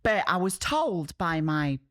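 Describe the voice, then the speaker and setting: A woman's voice: fairly low pitch, big pitch swings, unhurried, fairly bright tone, no echo, studio quality. A woman with a Barnsley Yorkshire accent, guesting on a podcast and telling self-mocking stories in a chatty way. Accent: Barnsley Yorkshire, softened. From Barnsley, Yorkshire, England. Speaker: radio presenter, guest. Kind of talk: relaxed podcast chat.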